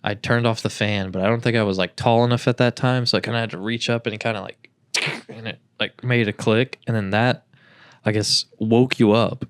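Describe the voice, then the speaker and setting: A young man co-hosts a podcast and tells rambling childhood stories in a low voice. He acts out the quotes with a raised voice. The mic is close and dry. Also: steady tone, a little fast, smooth, dry recording. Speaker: podcast co-host. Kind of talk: casual chat.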